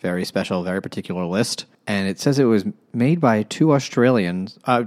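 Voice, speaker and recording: A man's voice: on the low side, lively intonation, a little fast, a little mellow. A man co-hosting a podcast in casual chat, with a dry, offhand way of talking. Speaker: podcast co-host.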